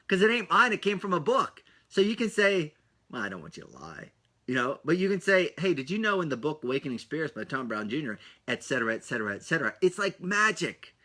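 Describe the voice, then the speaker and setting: Excitable, bright-voiced male podcast host. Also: on the high side. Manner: excitable, rambling, punchy asides. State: slightly out of breath. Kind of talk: energetic solo podcast monologue.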